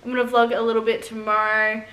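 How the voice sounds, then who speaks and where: A woman in her twenties with an Australian accent, chatting through a casual vlog in a gushing, excitable way full of "like". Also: a little high, fast. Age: 20s. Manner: gushing, chatty, heavy use of "like". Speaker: fitness vlogger. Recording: echoey room.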